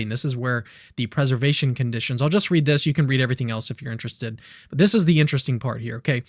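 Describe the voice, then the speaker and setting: A man's voice: mid-range voice, expressive, racing, no room sound, studio quality. A male podcast host reading a text aloud and explaining it, with casual, chatty asides.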